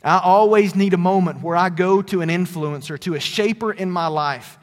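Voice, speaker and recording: A man with a high, light voice delivers a conversational sermon, swinging from emphatic bursts to hushed, low asides. His words ring with the long reverb of a big sanctuary. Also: normal speed. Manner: conversational preaching, swings between loud and soft. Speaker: pastor.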